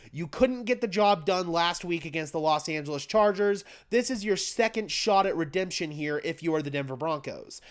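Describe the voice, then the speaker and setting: A man hosting a football preview show, talking through a stuffed-up nose from a cold in an energetic, emphatic way. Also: sits high. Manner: energetic, emphatic sports talk. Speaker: sports show host. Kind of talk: football game preview commentary.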